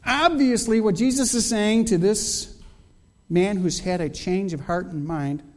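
A man preaching a sermon as a pastor, measured and emphatic, posing rhetorical questions to his congregation. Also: sits high, darkish tone. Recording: long reverb of a hall.

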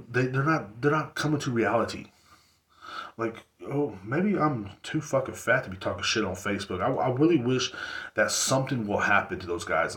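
Male podcast host, lowish voice, loose profane rambling delivery, roomy echo. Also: fairly bright tone. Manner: rambling, profane, filler-heavy. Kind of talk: casual solo podcast rant.

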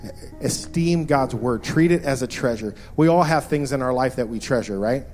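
A man's voice: mid-range voice, moderate pace, a little mellow, soft background music. A man in his thirties preaching a sermon as pastor, earnest and repeating key phrases for emphasis.

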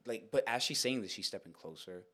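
A young man recounts a story on a casual podcast, his pitch swinging widely as he goes. He rambles and restarts with many fillers, animated and chatty. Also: a little fast. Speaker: podcast host.

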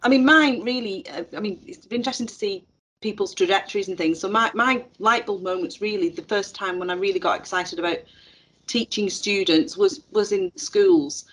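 A woman's voice: medium pitch, normal speed, husky, low-quality recording. A middle-aged woman, a teacher educator telling stories in an interview with many fillers and restarts. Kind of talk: casual interview chat.

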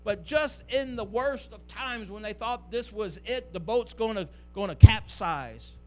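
A man's voice: high-pitched, measured pace, dark tone, soft background music. A male pastor, preaching a sermon that builds to near-singing climaxes.

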